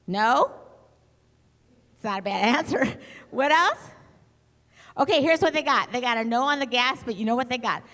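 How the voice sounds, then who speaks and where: A middle-aged woman speaking to an audience in a lively storytelling talk, acting out the voices she quotes. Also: sits high. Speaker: conference speaker. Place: conference hall. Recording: long hall reverb.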